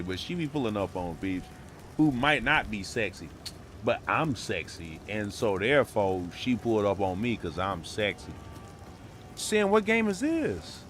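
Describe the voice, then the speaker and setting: A man with a Brooklyn-tinged American accent, chatting casually on a game stream in loose, profane slang and shouting out his viewers. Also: on the low side, a little hiss or hum. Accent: Brooklyn-tinged American English. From born in New York, raised in Minneapolis.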